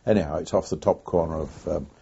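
An older man, a former wartime pilot, recounting his memories in an oral history interview with an unhurried, reflective pace and frequent pauses. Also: a bass voice, gravelly, dark tone, slightly rough. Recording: dull lo-fi recording.

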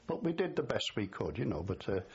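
An older man from the Liverpool area speaks in a broad Scouse accent, his low voice rising and falling widely as he tells his stories. He chuckles at his own memories. The recording is dull and lo-fi, with a faint hiss. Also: very animated, a little fast, darkish tone, breathy edge. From Liverpool area, England. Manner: chatty storyteller, laughs at his memories. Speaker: interviewee. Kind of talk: oral history interview.

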